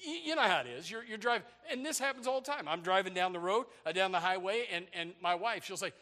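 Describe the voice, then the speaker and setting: An older man delivers a sermon. His voice sits high and bright, and it swings widely as he jokes and shouts. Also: quick pace, hardly any pauses. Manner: animated preaching with humor and shouts. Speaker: pastor.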